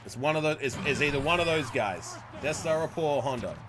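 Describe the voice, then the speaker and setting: A man commenting on his own football video game live for viewers. His pitch swings widely between muttering and shouted outbursts. He swears freely, and clear noise sits behind him. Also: animated, brisk. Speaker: streamer.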